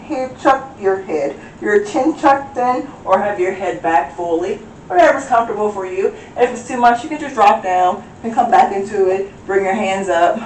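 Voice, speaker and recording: A woman's voice: medium pitch, a little mellow, a little hiss or hum. A woman leading a yoga class, playful and giggly as she calls out each breath and pose. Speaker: yoga instructor. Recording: roomy echo, voice from a distance.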